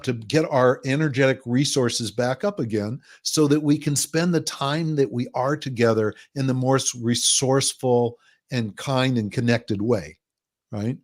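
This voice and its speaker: A man of ordinary pitch speaking as a guest on a talk show. He explains his ideas at length and livens up his voice to act out what other people say. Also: a little mellow. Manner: explains at length, acts out quoted people in a livelier voice. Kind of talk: conversational podcast interview.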